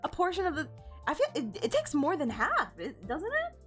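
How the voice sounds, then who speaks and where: Young female streamer, slightly high pitch, giggly casual chatter with restarts, soft music underneath. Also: huge pitch swings, moderate pace. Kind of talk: casual chat while gaming.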